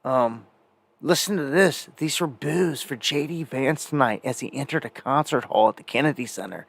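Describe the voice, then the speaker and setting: A man's voice: mid-range voice, moderate pace, vocal fry, dry recording. A man hosting a live independent news show, talking in a rambling, conversational way with many fillers and restarts. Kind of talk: casual live news commentary.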